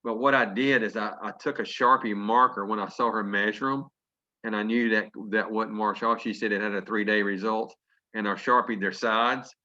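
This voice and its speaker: A man telling a folksy story to an audience, lively and chuckling as he acts out what people said. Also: lowish voice, moderate pace. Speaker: business testimonial speaker. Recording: dull lo-fi conference call audio.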